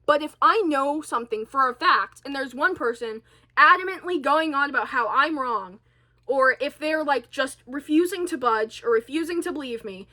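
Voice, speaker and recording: A woman's voice: high-pitched, lively intonation, moderate pace, sharp tone. A woman vlogger talking in a chatty, rambling way, with a stutter and many restarts. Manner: chatty, rambling, self-deprecating. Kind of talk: casual rambling monologue.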